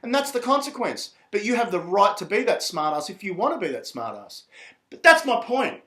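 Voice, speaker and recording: Profane, high-voiced man. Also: very animated, a little fast, bright, forceful tone, roomy sound. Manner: profane, rambling and heated. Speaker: vlogger. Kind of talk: casual monologue to camera.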